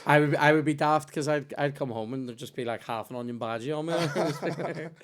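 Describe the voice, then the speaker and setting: A man's voice: a little high, normal speed. A young man with a Belfast accent, hosting a podcast and telling rambling, sweary stories in casual chat. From Northern Ireland. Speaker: podcast host.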